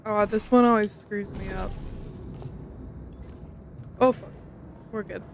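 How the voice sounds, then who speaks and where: A woman's voice: medium pitch, fairly even intonation, fairly quick, gravelly, a little hiss or hum. A young woman casually commenting while playing a video game, playful and chatty with the odd swear. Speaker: gaming streamer. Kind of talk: casual let's-play commentary.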